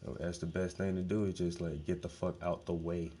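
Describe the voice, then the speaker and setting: Blunt, profane man with a deep voice. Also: little pitch movement, a little fast, warm tone. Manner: profane, blunt, emphatic, repeats words. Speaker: host. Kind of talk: casual monologue.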